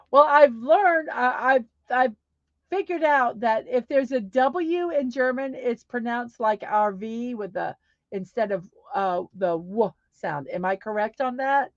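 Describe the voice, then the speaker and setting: A woman hosts a casual livestream, chatting upbeat and reading comments aloud. Her voice sits fairly high and she talks slowly. The sound is dry and a bit dull and lo-fi. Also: no room sound. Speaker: livestream host.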